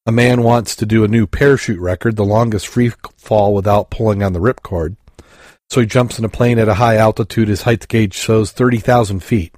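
Low-voiced man hosting a casual podcast. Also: fairly even intonation, fairly quick, darkish tone, dry recording, clean studio sound. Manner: rambling, stumbles over words, tells jokes. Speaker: podcast host.

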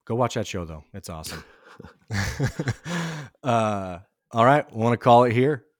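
A man's voice: fairly low pitch, lively intonation, measured pace, no echo, clean studio sound. A man co-hosting a podcast in casual chat, chatty and easygoing, laughing often. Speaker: podcast co-host.

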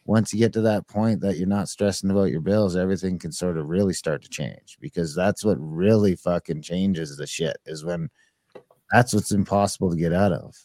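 A man with a very low voice chats on a podcast, swearing freely and rambling through his point. The sound is close and dry, with no room around it. His talk is loose and relaxed. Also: moderate pace, no room sound. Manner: profane, rambling, relaxed storytelling. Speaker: podcast co-host. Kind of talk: casual chat.

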